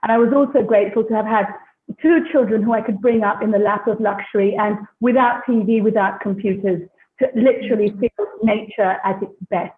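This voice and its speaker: A woman's voice: medium pitch, a little hiss or hum. A British woman from London in her fifties, chatting as an interview guest and laughing often. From London, England. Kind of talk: casual interview chat. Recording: echoey, tinny phone-like line.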